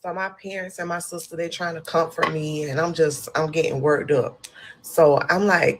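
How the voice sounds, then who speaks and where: A woman's voice: sits low, a little slow, slight background noise. A young woman telling her own story in a storytime video, speaking candidly and acting out what she said and felt. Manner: candid, animated storytelling with vivid retelling. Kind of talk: storytime monologue.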